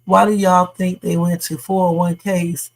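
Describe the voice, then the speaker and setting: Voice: mid-range voice, level tone, moderate pace, gravelly, rough recording. A livestream host chatting casually about news stories and reading out viewer comments. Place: home streaming setup.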